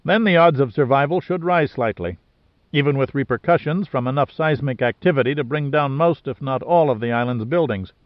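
A man reading the part of a precise, measured male scientist giving a technical briefing. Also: medium pitch, no echo, close to an everyday voice. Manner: precise, explanatory. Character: measured male volcano scientist, matter-of-fact. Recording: dry, slightly dull lo-fi sound.

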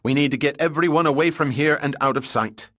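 A man voicing a determined male adventurer hero who gives brisk, urgent orders in a story reading. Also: fairly high pitch, a bit bright, dry recording, studio quality, pitched above the performer's own voice.

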